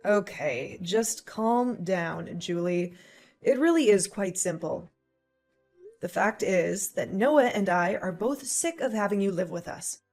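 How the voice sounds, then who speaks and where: A woman voicing a calm, pregnant young wife who answers her sister-in-law with dry sarcasm, in a dramatized story. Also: medium pitch, slow, soft background music. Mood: cool. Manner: cool, composed, dryly sarcastic. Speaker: voice actor.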